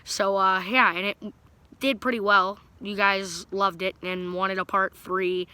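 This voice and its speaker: A man's voice: sits high, level tone, unhurried, bright, forceful tone, clear, resonant tone. A young man telling a story to his viewers in a rambling, casual way, full of fillers and restarts. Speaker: vlogger.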